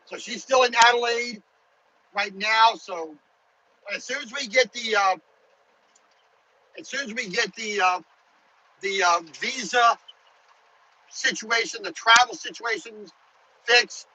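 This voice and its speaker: A man's voice: very high voice, takes it slowly, long pauses, bright, forceful tone, poor audio. A truck driver talking casually to his viewers while driving his truck, in a chatty, rambling way. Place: truck cab on the highway.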